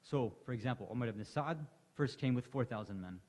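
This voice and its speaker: A man's voice: medium pitch, animated, a little fast, a little mellow. A man delivering an impassioned Muharram sermon to a congregation, telling the story with rising emotion. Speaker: lecturer. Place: large hall at an Islamic center. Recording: long hall reverb.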